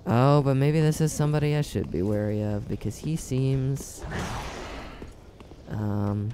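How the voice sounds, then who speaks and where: A man's voice: mid-range voice, a little slow, background noise. A man giving casual gameplay commentary with dramatic, whiny self-pitying asides. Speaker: let's play gamer.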